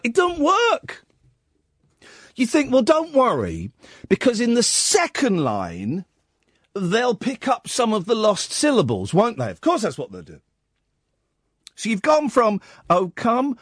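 A male radio host works through a comic monologue, incredulous and mock-outraged, humming snatches of tunes along the way. His voice leaps about wildly in pitch while he takes his time over the words. The studio sound is dry and close. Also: sing-song, slow, no room sound. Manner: sings and hums snatches of tunes.

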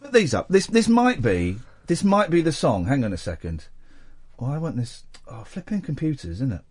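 Husky, lively radio host. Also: male voice, fairly high pitch, moderate pace. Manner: playful, teasing, rambling. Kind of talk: late-night talk radio chat. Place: radio studio.

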